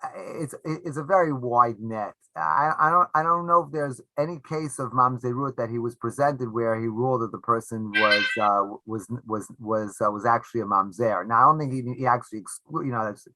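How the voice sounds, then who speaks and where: A man with a very bright, forward voice talks through an interview, often stopping and restarting. He sounds dry and close, with no room around him. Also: medium pitch, no echo, rough recording. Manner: halting, many restarts, laughs often. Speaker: rabbi and author being interviewed. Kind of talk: conversational interview answers.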